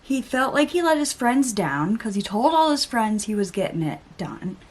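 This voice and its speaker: A woman's voice: fairly high pitch, big pitch swings, normal speed. A young adult woman vlogger telling a story in casual chitchat while getting ready, with exasperated asides and mild swearing. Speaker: beauty vlogger.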